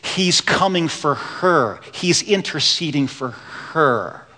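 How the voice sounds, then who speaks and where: Male pastor, slightly high voice, earnest storytelling sermon that swings from quiet to emphatic, heard with long church reverb. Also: lively intonation, slow. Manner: earnest storytelling preacher, swings between hushed and rising emphasis. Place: church sanctuary. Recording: long reverb of a large hall.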